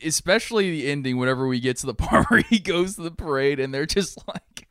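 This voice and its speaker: A man's voice: fairly high pitch, lively intonation, brisk, fairly bright tone, clean tone. A young man co-hosting a casual movie podcast, swearing, laughing and acting out scenes as he talks. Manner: profane, laughing, acts out scenes in quotes. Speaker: podcast co-host. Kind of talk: casual movie review chat.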